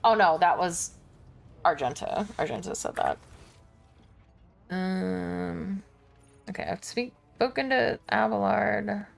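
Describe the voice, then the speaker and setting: A woman's voice: medium pitch, slow pace, vocal fry, soft background music. A woman streamer chatting casually while playing a game, self-deprecating and chatty.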